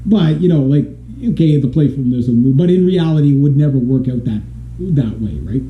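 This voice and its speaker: A man's voice: mid-range voice, brisk, a little hiss or hum. A man in his forties from Canada, vlogging in a rambling, casual monologue, laughing often and restarting sentences. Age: 40s. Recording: tinny echoey lo-fi audio.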